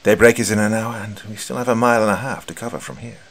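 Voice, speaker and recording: A man voicing a calm, confident squad leader who gives steady orders. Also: lowish voice, fast, voice pushed up. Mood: commanding.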